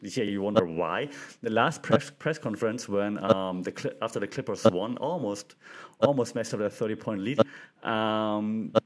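A man's voice: on the low side, moderate pace. A young man hosting a casual commentary show, talking with enthusiasm and acting out quotes in a livelier voice. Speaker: podcast host.

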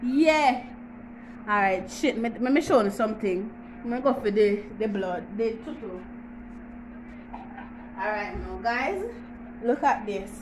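Jamaican woman, chatty and low-energy pace. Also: slow pace, long pauses, background noise. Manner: chatty, teasing, laughs often. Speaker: YouTuber. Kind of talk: casual how-to vlog.

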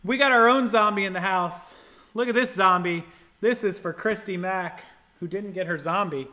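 A man with a high, bright voice and a moderate pace runs a casual livestream. He rambles and thinks aloud as he tinkers with settings, pausing to thank viewers for their donations.

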